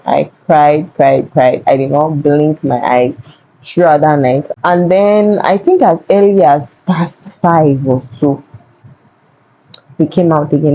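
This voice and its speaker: A young woman, telling a personal story to camera in a casual, animated way, repeating words for emphasis. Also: deep voice, muffled recording. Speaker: vlogger. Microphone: phone.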